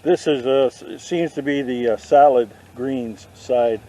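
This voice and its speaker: A man vlogging a walk through an outdoor garden, dropping deadpan puns as he goes. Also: mid-range voice, a little slow, low-quality recording. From not from the South. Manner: deadpan punning asides. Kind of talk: joking walk-through commentary. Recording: faint outdoor noise.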